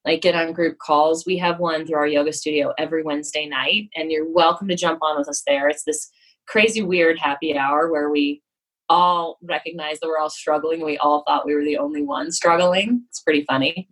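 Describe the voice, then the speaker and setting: A woman with a husky, breathy voice that sits a little low. She talks frankly and with self-deprecating humor in a relaxed conversational way. She acts out what she and others said as she tells her stories. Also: moderate pace, rough recording. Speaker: yoga studio guest. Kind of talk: candid conversational storytelling.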